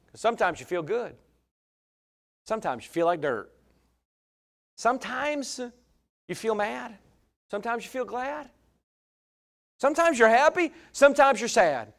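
High-voiced man preaching with big swings. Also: big pitch swings, moderate pace, gravelly, long pauses. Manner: emphatic, swings from shouting to quiet asides; folksy, plain-spoken with humor. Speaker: pastor. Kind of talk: sermon.

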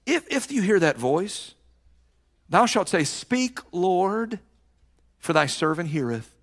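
A man preaching a sermon, telling a Bible story dramatically and acting out the characters, swinging from loud to hushed with repeated words and restarts. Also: high-pitched, sing-song, takes it slowly.

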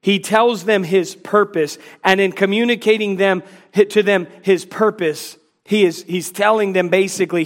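Pastor type, male, high and insistent voice, punchy sermon delivery. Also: a little slow, few pauses, long reverb tail. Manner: emphatic, acts out scripture dialogue.

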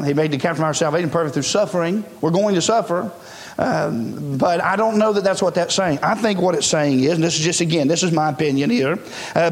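A man preaching a sermon in a conversational way, full of fillers, now and then rising to a shout. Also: sits high, in a large hall.

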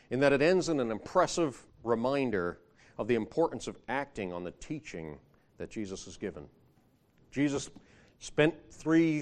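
A man preaching a sermon in a conversational way, often asking the listeners rhetorical questions and rising in emphasis when he quotes scripture. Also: medium pitch.

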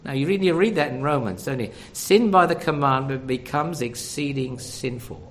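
A man's voice: mid-range voice, moderate pace, slight background noise. An older man preaching a sermon, conversational and full of rhetorical questions.

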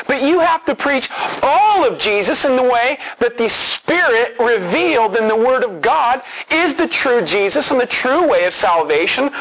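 Earnest high-voiced male preacher. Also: fairly bright tone, low-quality recording. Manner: earnest, emphatic, repeats key words for stress. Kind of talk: expository sermon.

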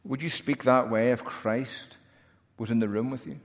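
A male pastor preaching a sermon earnestly, building to emphatic peaks and dropping to a hush in prayer. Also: mid-range voice, steady tone, normal speed. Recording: long reverb of a large hall.

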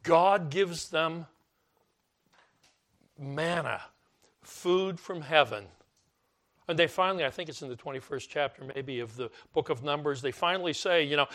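A man's voice: on the high side, measured pace, pauses often, fairly bright tone. An older man preaching a conversational sermon, repeating words for emphasis and mimicking complaining voices.

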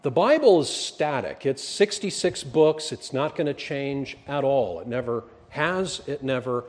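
A man preaching a sermon in a church, emphatic and then dropping to quiet asides. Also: mid-range voice, animated, measured pace. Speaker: pastor.

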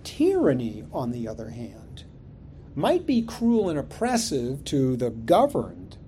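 A male pastor preaching a sermon, expressive and rhetorical, often putting questions to the congregation. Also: medium pitch, slow pace, slight background noise.

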